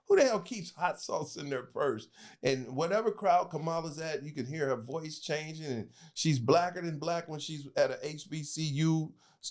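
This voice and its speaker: Slightly high in pitch, this man joins a podcast as a guest for easygoing political talk. He's lively, laughs a lot, and has a knack for doing impressions of voices.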